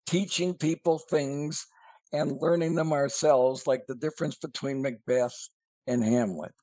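A man co-hosting a podcast, explaining things slowly in casual, musing chat. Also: mid-range voice, mellow, no room sound, low-quality recording. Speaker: podcast co-host.

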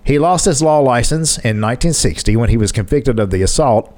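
A man's voice: mid-range voice, expressive, brisk, darkish tone. A man co-hosting a casual podcast, reading an article aloud with joking asides and frequent laughs. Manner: reads quotes with joking asides, laughs often. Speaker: podcast co-host.

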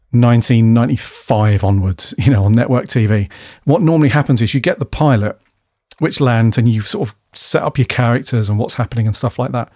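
Reviewing a TV episode on a podcast, this man has a medium-pitched, dark-toned voice and an easygoing, rambling manner. Casual swearing and frequent laughter run through his chat, recorded close and dry without any echo.

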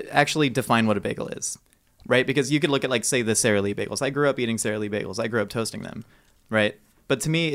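A man making a rambling, jokey argument on a podcast. He plays it mock-earnest, as if pleading a grand cause. His voice sits at a middling pitch. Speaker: podcast co-host debater. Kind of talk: casual podcast debate.

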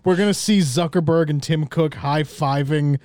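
A man with a fairly high voice co-hosting a podcast, full of crude jokes and laughing asides. The sound is dry and close. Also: moderate pace, a little mellow, no room sound. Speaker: podcast co-host. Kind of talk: casual podcast banter.

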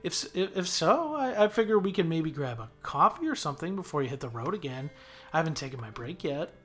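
A man reading aloud and voicing a lively young woman who works the front desk at an animal shelter, teasing and bright. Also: fairly high pitch, fairly quick, faint music behind, pitched above the performer's own voice.

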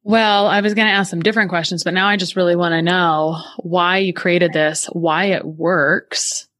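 A woman's voice: on the low side, steady tone, moderate pace, a bit bright. A woman hosting a podcast, asking curious questions with playful asides. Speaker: podcast host. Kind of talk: casual interview chat.

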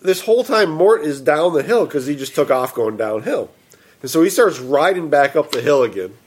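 A man casually telling a story, animated and quoting himself and his friends. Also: fairly high pitch, normal speed, slightly rough.

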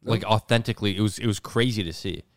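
A man co-hosting a casual chat podcast, animated, laughing often and swearing a lot. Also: fairly low pitch, fast, no echo, studio quality. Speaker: podcast co-host.

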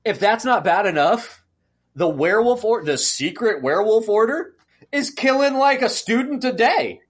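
A man co-hosting a podcast in casual chat, ranting with animated exasperation and acting out outbursts. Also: high-pitched, moderate pace, breathy edge. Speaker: podcast co-host.

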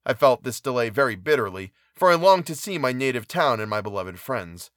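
A man reading a classic novel aloud in a measured, even narration. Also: mid-range voice, no echo, clean studio sound. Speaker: audiobook reader.

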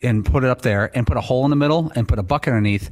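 A man's voice: medium pitch, racing, a little mellow. A man who is a regular on a talk show, chatting casually and jumping in eagerly with questions and suggestions. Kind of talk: casual chat.

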